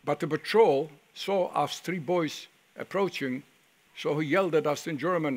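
An older man from Poland, giving a first-person testimony as a survivor, telling his story vividly with halting restarts and repeated words. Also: a little high. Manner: vivid storytelling that acts out the voices of people he quotes.

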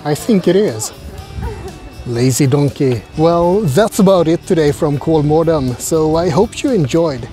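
A playful travel vlogger strolls through a zoo outdoors, narrating in a casual voice. The speaker cracks jokes and chats to the animals along the way. Music plays clearly behind the voice throughout. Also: mid-range voice, expressive, unhurried, dark tone. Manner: playful, jokey asides, chatting to animals.

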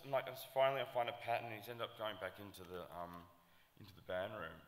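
A man, a festival promoter telling a lively, profane anecdote on a panel and acting out the voices in it. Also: on the low side, fast. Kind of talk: animated storytelling with quoted dialogue. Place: large hall with audience. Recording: echoey hall, faint noise.

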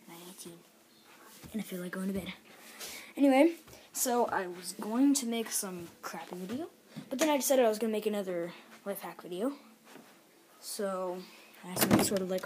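A woman's voice: medium pitch, background noise. A teenage girl rambling chattily in a casual home vlog from a bedroom. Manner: rambling, chatty, lots of fillers and restarts. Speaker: vlogger.

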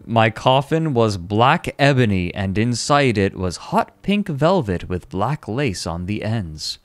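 A man's voice: fairly low pitch, very animated, slow, dry recording. A man streaming a comedic, mock-dramatic reading of a story at a desk microphone. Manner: mock-dramatic, breaks into laughter.

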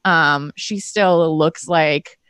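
A woman's voice: deep voice, very slow, fairly bright tone, no room sound, studio quality. Rambling woman tabletop player. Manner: rambling, filler-heavy description. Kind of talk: describing her character in a tabletop game.

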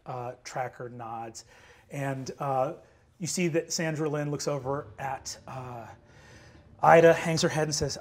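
A man narrating a tabletop game as game master, lively and peppered with fillers between vivid scene-setting. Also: mid-range voice, a little slow.

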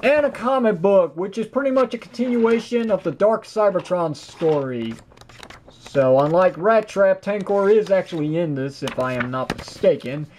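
A man with a high-pitched voice talks through a product review in a casual, chatty way. He is opinionated and enthusiastic, with frequent praise. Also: normal speed, darkish tone, slight background noise. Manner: chatty and opinionated, with fillers like "you know". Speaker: toy reviewer.

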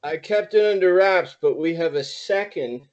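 Un hombre, copresentador de un programa de radio, que charla en tono bromista y disperso. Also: male voice, a little high, expressive, moderate pace, highs cut off. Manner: rambling, joking. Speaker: radio show co-host. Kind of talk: casual radio chat.

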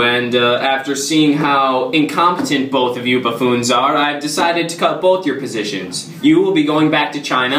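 A man's voice: medium pitch, fairly bright tone, natural voice. A young man playing a blunt, dismissive company boss interviewing applicants in an amateur comedy sketch. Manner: dry and dismissive, turning insulting. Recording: roomy, distant, faint background noise.

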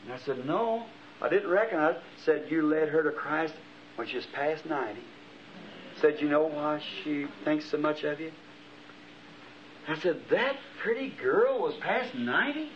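A middle-aged preacher tells a vision to his congregation in a fairly high voice, his lines climbing into impassioned exclamations. The recording is dull and lo-fi, like old archival tape. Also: normal speed, long pauses, slight background noise. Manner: impassioned storytelling with rising exclamations. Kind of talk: sermon.

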